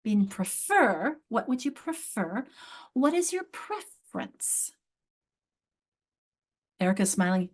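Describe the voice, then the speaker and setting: A woman's voice: medium pitch, big pitch swings, moderate pace, a little mellow. Enthusiastic woman teaching over a video call. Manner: enthusiastic, emphatic, repeats key words. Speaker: literacy instructor leading teacher training. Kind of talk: live online workshop teaching. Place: online video session. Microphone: video call mic.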